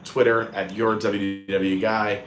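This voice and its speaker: A man's voice: lowish voice, flat delivery, a little slow, a bit bright, echoey room, a little hiss or hum. A man in his thirties hosting a live stream, signing off in an earnest, heartfelt, rambling way, recorded on a phone outdoors at a theme park. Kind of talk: casual live stream sign-off.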